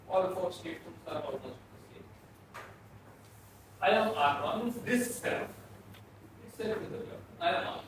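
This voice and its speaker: Lecturer, male, from Bhutan; slow, repetitive explanations, distant mic in an echoey classroom. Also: high voice. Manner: explains slowly, repeating and restarting phrases. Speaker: philosophy lecturer. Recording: echoey room, mic far off, faint noise.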